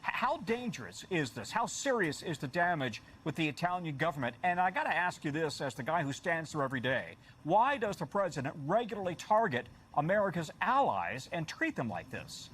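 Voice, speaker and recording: Lively, higher-pitched male news anchor. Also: a little hiss or hum. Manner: crisp, measured newsreading. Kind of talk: news broadcast.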